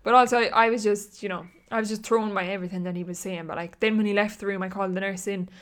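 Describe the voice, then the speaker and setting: A woman's voice: medium pitch, fairly even intonation, fast. Chatty Irish woman in her twenties. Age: 20s. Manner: chatty and rambling, peppered with "like", laughs often. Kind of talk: casual chat.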